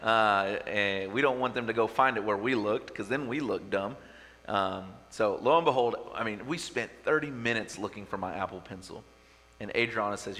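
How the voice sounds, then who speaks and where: Bright-voiced pastor in a reverberant hall. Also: male voice, on the low side, normal speed. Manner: conversational, many "uh" fillers and restarts. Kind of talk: sermon with prayer and storytelling. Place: church sanctuary with a live congregation.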